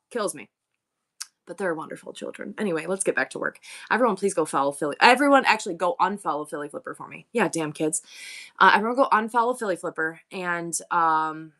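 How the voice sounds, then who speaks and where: A woman's voice: lowish voice, animated, brisk, a bit bright. A woman in her forties hosting a live-selling stream, chatting candidly with viewers and rambling through her stories. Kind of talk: casual chat to live viewers.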